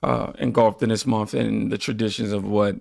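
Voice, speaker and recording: A man's voice: lowish voice, little pitch movement, normal speed, gravelly, darkish tone, no echo, studio quality. A man hosting a reaction channel, laid-back, reading viewer comments aloud and riffing on them.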